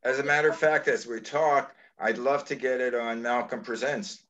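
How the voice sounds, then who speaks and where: A man's voice: medium pitch, fairly even intonation, normal speed, fairly bright tone, highs cut off. A man hosting a chat show, talking earnestly with many halts and restarts. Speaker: show host. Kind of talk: casual interview chat.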